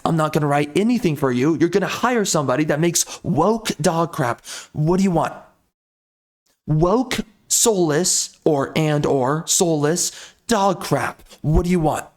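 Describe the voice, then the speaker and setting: A man giving a ranting commentary, blunt and repetitive, venting frustration at length. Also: fairly high pitch. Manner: ranting, repeats himself, blunt. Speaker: video commentator.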